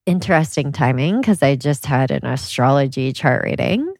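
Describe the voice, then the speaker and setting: A woman talking as a podcast guest, a lively storyteller who fills her talk with "like". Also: a bass voice, moderate pace, no echo. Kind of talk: casual interview chat.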